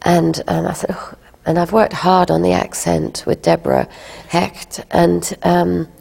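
Gravelly low-voiced woman, chatty. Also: level tone, measured pace, darkish tone, long reverb tail. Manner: chatty, laughing between phrases. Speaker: guest actor. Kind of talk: conversational interview.

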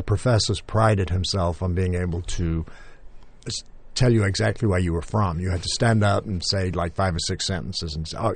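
A man's voice: low voice, a little mellow. An older man from England, now with an American accent, telling stories in an interview with many fillers and restarts. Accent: General American. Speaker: interview guest. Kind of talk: conversational interview.

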